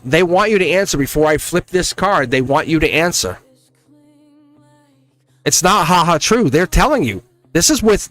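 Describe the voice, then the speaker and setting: Man, live tarot reading, fairly high voice, emphatic, laughs often, faint music behind. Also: no room sound. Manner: animated, emphatic, laughs often, scolding teacher tone. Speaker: tarot reader.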